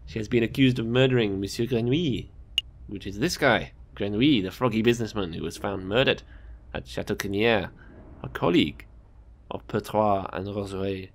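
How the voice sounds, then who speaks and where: A man's voice: fairly low pitch, normal speed, gravelly, a little hiss or hum. A British man hosting a let's play, chatting casually and reading game text aloud.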